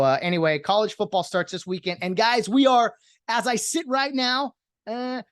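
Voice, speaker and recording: A man hosting a casual solo podcast, rambling and getting excitable as a sports fan. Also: on the high side, no room sound, clean studio sound. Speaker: podcast host.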